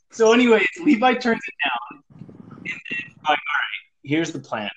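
A man's voice: fairly high pitch, unhurried. A young man casually telling a story to friends over a phone call, acting out what others said and laughing often. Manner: animated, acts out friends' lines, laughs often. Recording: phone call with faint noise.

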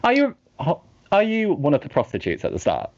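An interviewer asking casual questions, enthusiastic, with quick affirmations. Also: medium pitch, wildly swooping pitch. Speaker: interviewer, host. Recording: dull lo-fi sound.

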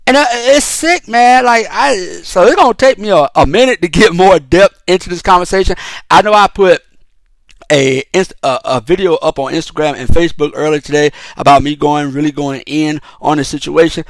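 A man hosts a solo podcast in a raised, somewhat high voice, swearing freely and circling back over his own words. The sound is close and completely dry, with no room around it. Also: moderate pace, dry recording. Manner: profane, heated and rambling, with frequent restarts. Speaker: podcast host. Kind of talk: casual solo podcast commentary.

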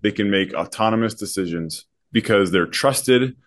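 A man's voice: lowish voice, normal speed. A man co-hosting a podcast, working as a school principal, talking thoughtfully and searching for words mid-sentence. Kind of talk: casual podcast conversation.

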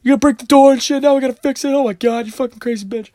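A man imitating his angry redneck neighbor, who yells in exasperation. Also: extremely high pitch, fairly even intonation, rapid-fire, no echo, clean studio sound, pitched above the performer's own voice. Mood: exasperated. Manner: yelling, exasperated.

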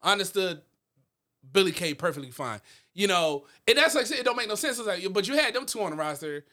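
A young man co-hosting a casual podcast chat, animated and slangy, rambling with lots of fillers. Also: high voice, quick pace. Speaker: podcast co-host.

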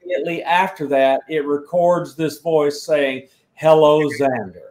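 A man's voice: fairly high pitch, steady tone, normal speed, a little mellow. A middle-aged man on a video call, a scientist and engineer, explaining videos and measurements in a plain, technical, matter-of-fact way. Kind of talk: casual show-and-tell explanation. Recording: echoey room sound.

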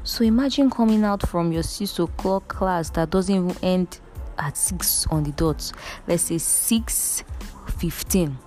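A young Nigerian woman vlogging in a low, mellow voice, earnest and emphatic as she speaks straight to her viewers. Soft music plays faintly behind her. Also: a little slow. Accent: Nigerian English. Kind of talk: casual direct-to-camera storytelling.

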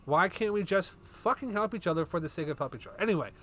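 Bright-voiced man telling rambling stories. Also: high voice, expressive, fast talker. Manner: rambling, profane storyteller. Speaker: podcast host. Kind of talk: casual chat about a movie and stories.

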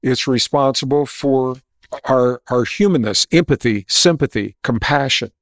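A man speaks as an interview guest, telling stories with lively emphasis and explaining points with confidence. His pitch is ordinary for a man, and the sound is close and dry. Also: measured pace, no echo. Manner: animated storyteller, emphatic and explanatory. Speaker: guest author and geologist. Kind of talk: storytelling interview answers.

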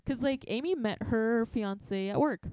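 A woman's voice: fairly high pitch, unhurried, darkish tone, clear, resonant tone, no echo, studio quality. A woman hosting a podcast, telling a story in casual chat, swearing freely and laughing often. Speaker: podcast host.

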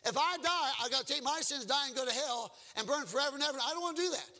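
A man preaching a lively sermon, telling folksy stories and quizzing his congregation. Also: very high-pitched, fast. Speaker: pastor. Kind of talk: evangelistic sermon with audience call-and-response.

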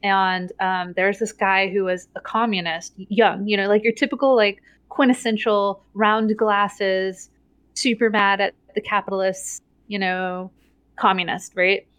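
A middle-aged woman telling a story in casual chat, animated and laughing often, with many "like" and "right?" tags. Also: medium pitch, measured pace, clear, resonant tone, no echo.

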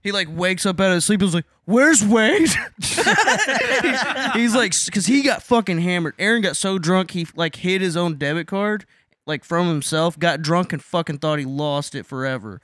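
A man's voice: high voice, expressive, moderate pace, sharp tone, no echo. A young man telling a wild party story in casual chat. He swears a lot, laughs often and talks animatedly.

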